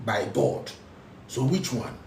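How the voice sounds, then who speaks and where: A man's voice: on the low side, big pitch swings, takes it slowly, darkish tone, roomy sound, distant mic, a little hiss or hum. A man with a Ghanaian accent, speaking as a spiritual teacher, emphatic and repetitive, switching between English and local phrases. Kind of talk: preaching talk.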